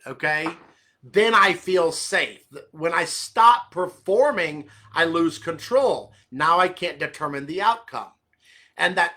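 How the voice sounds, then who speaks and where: A man's voice: a little high, fairly bright tone. A man pastor giving a conversational sermon, earnestly checking in with listeners and often rephrasing mid-thought.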